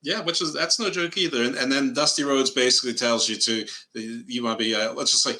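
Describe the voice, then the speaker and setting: Male host, bright and forceful tone, chatty questions in a loose conversational interview. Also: medium pitch, fairly even intonation, fairly quick. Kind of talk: casual interview.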